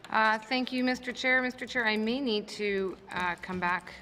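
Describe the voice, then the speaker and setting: A woman's voice: on the high side, normal speed, pushed and bright. Formal woman minister answering in a chamber. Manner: formal, hesitant, searching for details. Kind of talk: committee testimony. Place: legislative chamber. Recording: long reverb of a chamber, faint noise.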